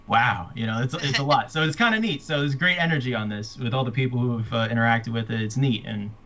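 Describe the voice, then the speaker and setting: A man's voice: mid-range voice, a bit bright, lo-fi sound. A man, an author, chatting casually about his books and readers, stumbling and restarting often. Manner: halting, many restarts and fillers. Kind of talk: casual chat.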